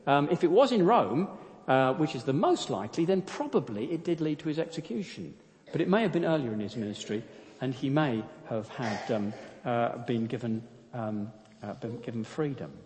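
A man's voice: mid-range voice, lively intonation, normal speed, a little mellow, long reverb tail. A man preaching a sermon, hesitant with many fillers, then reading a story aloud.

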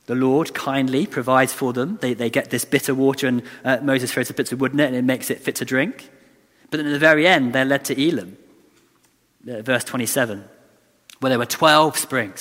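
Preaching in a church, the man speaks with a fairly high, bright, forceful voice. He is earnest and conversational, often going back and repeating lines for emphasis, and long church reverb fills the recording.

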